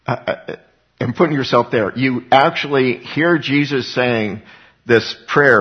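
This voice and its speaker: A man's voice: medium pitch, fairly even intonation, takes it slowly, breathy edge, dull audio. A man preaching a sermon as pastor, earnest and conversational, often repeating his words.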